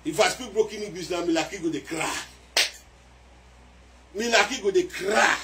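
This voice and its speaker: A man with a Nigerian accent giving excitable casual commentary on a song, repeating phrases as he goes. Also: sits high, normal speed, distant mic, background noise. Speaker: music commentator.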